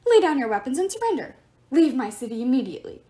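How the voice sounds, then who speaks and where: A woman's voice: medium pitch, very animated, normal speed, lightly acted. Woman reading as a shrieking, fussy male statue god. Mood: indignant. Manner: fussy teacher voice; shrieking, loud outbursts.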